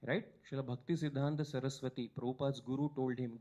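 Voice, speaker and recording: A man telling a devotional story at a weekly satsang, growing animated at the high points of the story. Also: quick pace, few pauses.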